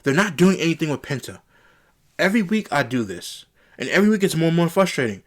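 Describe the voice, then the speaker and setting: A man's voice: a little high, very animated, fast. A man reviewing a wrestling show on his own channel, ranting in an exasperated way and repeating rhetorical questions. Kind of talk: opinionated solo review rant.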